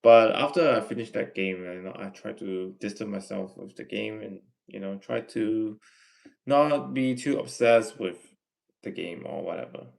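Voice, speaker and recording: A man with a Malaysian English accent, reading chat messages aloud on his livestream and answering them in a gently lecturing way. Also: lowish voice, unhurried, vocal fry. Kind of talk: casual live chat Q&A.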